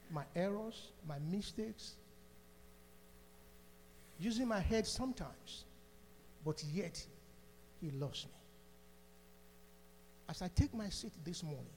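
A man's voice: a little high, expressive, measured pace, pauses often, darkish tone, in a large hall, slight background noise. An older man with an African accent giving a fervent testimony to a church congregation. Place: church sanctuary.

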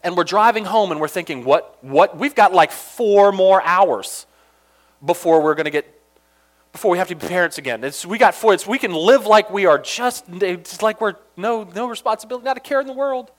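A young man from Georgia telling a funny personal story in an animated, chatty way, full of asides. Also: sits high, brisk.

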